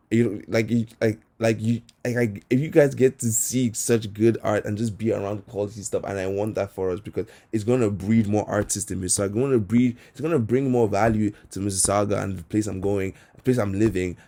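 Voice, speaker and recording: A man's voice: fairly low pitch, vocal fry, mellow. A young man from Canada, an artist talking casually and earnestly about his work, rambling with many fillers. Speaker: artist vlogger. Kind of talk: casual reflective monologue.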